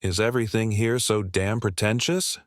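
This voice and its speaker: A man voicing a loud, rude male diner from Texas who mocks and complains. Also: fairly low pitch, fairly even intonation, moderate pace, dry recording, clean studio sound, close to an everyday voice. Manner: brash, mocking, complaining.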